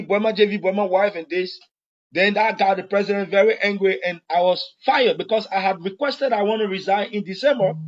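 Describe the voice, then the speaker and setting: A man's voice: sits high, dull audio. A man with a Liberian English accent, a former government official, giving an earnest, repetitive public apology.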